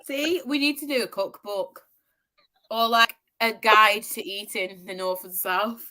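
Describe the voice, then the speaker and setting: A woman's voice: mid-range voice, unhurried, sharp tone. A woman from the North of England, co-hosting a casual chat in a playful, teasing way with lots of laughter. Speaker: podcast co-host.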